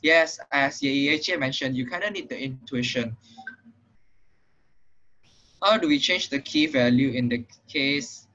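At a measured pace with long pauses, a young man with a Singaporean English accent tutors programming online in a medium-pitched voice that sounds pushed and bright. He explains casually, with lots of fillers and "right?" check-ins, while slightly out of breath. The recording is muffled, lo-fi online call audio.

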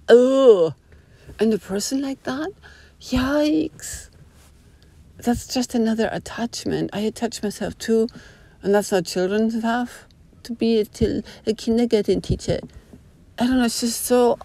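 A woman's voice: mid-range voice, gravelly, dark tone, no echo. A woman hosting a casual talk, rambling on with dramatic groans of disgust. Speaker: host. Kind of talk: casual monologue.

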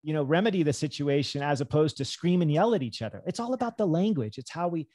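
A middle-aged man, a physician and health coach, talking as a podcast guest in an animated, enthusiastic way. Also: on the high side, fast talker, no room sound, clean studio sound. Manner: animated, enthusiastic, jumps into acted self-talk. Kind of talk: casual podcast conversation.

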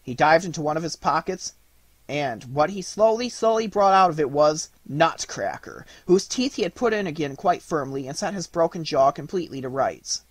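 A man narrating a classic storybook with an expressive read. His voice is slightly husky and sits a bit high, swinging widely in pitch. The recording is close and dry. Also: moderate pace, dry recording. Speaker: audiobook narrator.

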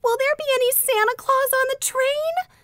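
A woman reading a storybook, voicing a tearful small girl in a very high childlike voice. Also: normal speed, fairly bright tone, no echo.

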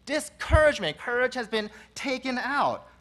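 At a church service, a male pastor with a voice on the high side and lively intonation delivers an expository sermon at a moderate pace. Repeated phrases swell loud, and then he drops back into soft, conversational teaching.

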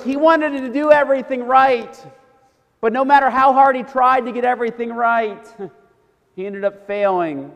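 Pastor, male, high voice, casual storytelling sermon, echoing church. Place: church sanctuary. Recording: church hall reverb.

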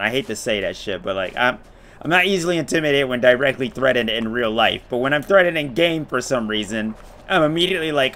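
Male game streamer, lively pitch, faint hiss behind, cusses and shouts when jumpy. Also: normal speed. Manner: swears a lot, yelps and shouts when startled. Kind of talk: casual gameplay commentary.

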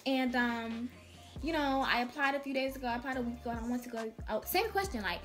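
Young woman vlogging advice, chatty and slangy, kinda high voice, soft music behind. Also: fast. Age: young adult. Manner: chatty, slangy, acts out dialogues. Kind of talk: casual advice vlog.

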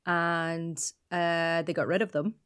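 This is a woman with an Irish accent, chatting casually as a podcast co-host. Her voice sits fairly low. She talks in a loose, playful way and laughs easily. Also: steady tone, takes it slowly, fairly bright tone, smooth. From Ireland.

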